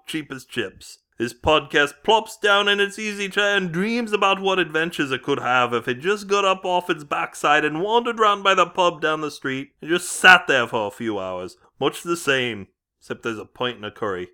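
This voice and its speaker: A podcast host putting on a fake British accent as a teasing, boisterous bloke. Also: male voice, a little high, expressive, pushed and bright, clean tone, voice pushed up. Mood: mock-grumpy. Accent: put-on British accent. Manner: teasing, blustery, rapid asides. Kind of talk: comic put-on accent bit.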